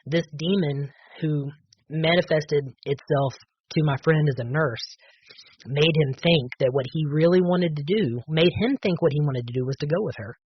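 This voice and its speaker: A man's voice: a little high, moderate pace, highs cut off, a little hiss or hum. A man on a podcast telling a personal testimony, earnest and full of fillers and restarts. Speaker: podcast guest.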